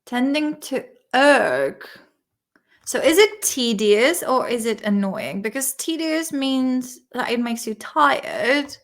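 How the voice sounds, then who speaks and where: A woman chatting casually while studying vocabulary, repeating words aloud and swearing and laughing freely. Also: on the high side. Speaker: English vocabulary vlogger.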